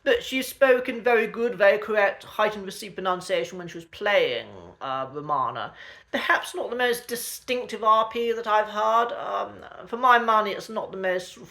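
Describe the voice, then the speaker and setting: A man giving a casual spoken lesson to camera, polite and measured, pausing often with ums and uhs and restarting his sentences. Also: high voice, creaky, pushed and bright. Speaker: accent coach.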